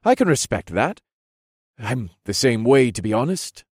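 In an audiobook, a man voices a cheerful young lieutenant who is chipper and helpful, pitching above his own natural voice. His delivery is very animated and mid-range at normal speed. The sound is studio quality with no room sound.

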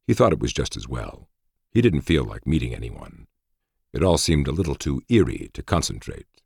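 A man reading a science fiction story aloud in a measured narration. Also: dry recording, studio quality. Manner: measured, low and gravelly. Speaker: audiobook narrator. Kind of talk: scripted narration.

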